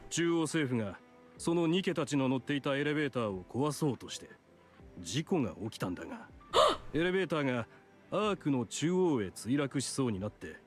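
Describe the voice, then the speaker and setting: An actor playing a smooth, self-serving middle-aged male doctor in a video game, calm and polite in a matter-of-fact way. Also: mid-range voice, racing, soft background music, close to an everyday voice. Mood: explaining. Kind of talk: game voice acting.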